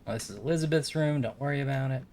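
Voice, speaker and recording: A man's voice: medium pitch, racing, a little mellow, slight background noise. A man streaming a story game, joking and thinking aloud with a co-player. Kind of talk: casual let's play chat.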